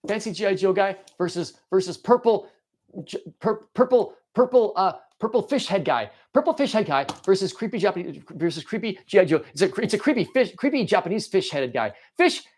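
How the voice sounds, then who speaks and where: Brief: male streamer, playful toy-battle commentary, lively pitch, lots of restarts. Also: fairly quick. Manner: excitable, rambling, with frequent restarts and shouting cheers. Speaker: livestream host.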